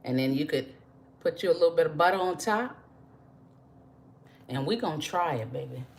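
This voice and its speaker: A woman's voice: deep voice, lively intonation, normal speed, a little hiss or hum. Chatty woman cooking on camera. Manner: chatty, encouraging, addresses viewers as y'all and baby. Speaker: home cooking video host. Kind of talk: casual cooking demonstration to viewers.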